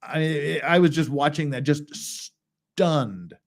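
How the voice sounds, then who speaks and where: A man's voice: a little high, slow pace. Blunt, wry male legal commentator. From United States. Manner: wry, rambling and blunt, reading out legal text. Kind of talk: casual livestream commentary.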